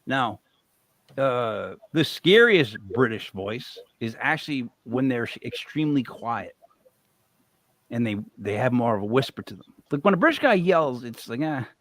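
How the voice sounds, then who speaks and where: A man hosting a podcast in casual chat, animated and swearing freely. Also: mid-range voice, unhurried, no room sound. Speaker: podcast host.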